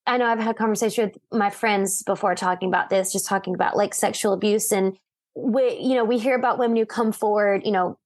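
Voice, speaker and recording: A woman's voice: mid-range voice, fairly even intonation, a little fast, a little mellow, no echo. Casual woman podcast host, dry sound. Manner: casual, many fillers, affirming. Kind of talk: interview conversation.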